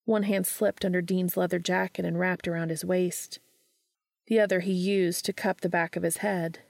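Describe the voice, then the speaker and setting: A woman narrating a story aloud in a calm, even storytelling manner. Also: fairly low pitch, normal speed, gravelly, no echo. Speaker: podfic reader. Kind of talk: audiobook narration of fan fiction.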